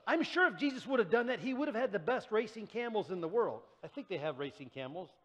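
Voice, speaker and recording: High-voiced pastor in a reverberant church. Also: male voice, animated, fast talker, a bit bright. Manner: conversational, acts out quoted voices. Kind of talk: sermon. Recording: church sanctuary with long reverb.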